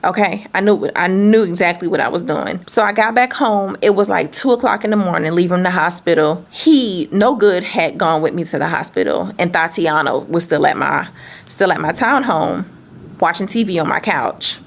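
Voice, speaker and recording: A woman telling a candid, animated personal story in a vlog, swearing freely. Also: on the low side, moderate pace, gravelly. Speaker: business owner and vlogger.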